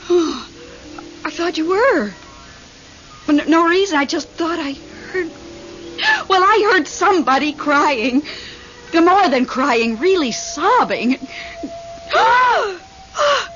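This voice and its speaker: A fretful, frightened widow. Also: female voice, extremely high pitch, a bit bright, exaggerated voice. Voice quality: breathless, fretful. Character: lonely widow, nervy and easily frightened. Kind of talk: 1970s radio drama acting. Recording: muffled old radio broadcast, faint hiss.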